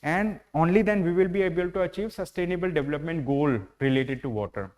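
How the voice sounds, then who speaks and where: A man's voice: a little high, fairly quick, a little mellow. A man with an Indian English accent teaching current affairs in an online exam-prep lecture, explaining step by step and leaning on "like, you know". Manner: explanatory, heavy use of fillers like "you know".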